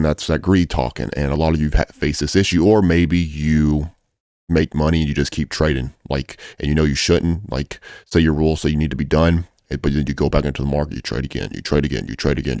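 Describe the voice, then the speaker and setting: A man's voice: extremely low pitch, darkish tone, dry recording, clean studio sound. A man coaching traders in a casual video, blunt and profane, hammering his points home by repeating them. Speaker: trading coach. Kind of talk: casual trading advice video.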